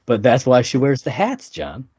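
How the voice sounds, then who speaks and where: A man co-hosting a podcast in casual chat, relaxed, laughing often and trailing off into fillers. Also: mid-range voice, normal speed. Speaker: podcast co-host. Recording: dull lo-fi dry sound.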